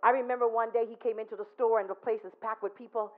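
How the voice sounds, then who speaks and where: A woman's voice: fairly high pitch, fairly even intonation, fast, a little hiss or hum. A woman giving a chatty, anecdotal tribute at a memorial, telling stories and checking in with her listeners. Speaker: eulogy speaker at a memorial. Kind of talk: storytelling tribute. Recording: tinny phone-like recording.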